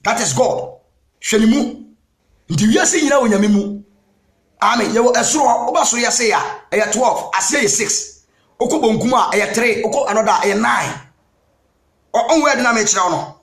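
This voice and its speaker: High-voiced Ghanaian preacher in echoey room. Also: male voice, lively intonation, moderate pace. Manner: emphatic, punctuates with "Amen", bursts into shouts. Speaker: evangelist preacher. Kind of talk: sermon mixing Twi and English.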